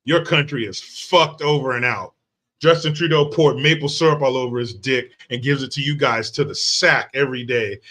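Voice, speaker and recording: A man's voice: mid-range voice, normal speed, sharp tone. A man hosting a live stream from the United States, reacting to chat in a brash, mocking, profane way. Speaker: livestream host.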